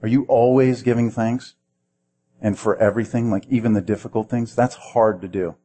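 A man's voice: fairly low pitch, steady tone, normal speed, dark tone. A man preaching a sermon in a conversational way, asking the listeners questions and often repeating words as he restarts. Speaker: pastor.

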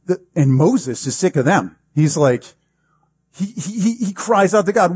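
A man's voice: high-pitched, animated, unhurried, darkish tone, breathy edge, dry recording. A pastor preaching a sermon in a conversational, emphatic way, acting out the quotes he gives.

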